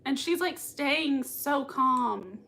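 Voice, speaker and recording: A woman hosting a live watch-party reaction, gushing excitedly, laughing often and reading out chat comments. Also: high-pitched, slow pace, vocal fry. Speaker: livestream reaction host.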